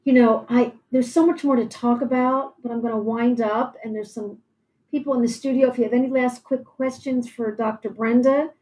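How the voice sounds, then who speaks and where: A woman's voice: on the high side, fairly even intonation, normal speed, warm tone, rough recording. A woman hosting a live-streamed interview, talking in a reassuring, encouraging way with some restarts. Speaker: podcast host.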